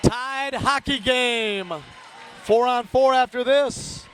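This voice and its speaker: A man calling a youth hockey game live, rattling off player names, shouting on big plays and chatting to listeners between whistles. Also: extremely high pitch, steady tone, slow pace. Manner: chatty asides, greeting listeners by name. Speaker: hockey play-by-play announcer. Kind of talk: live play-by-play commentary.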